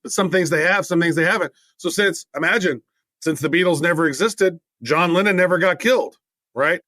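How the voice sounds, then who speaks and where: His voice sits high and comes across pushed and bright as he talks fairly quickly, co-hosting a laid-back podcast. He rambles good-naturedly and drops into mock voices for fun, and the sound has no echo.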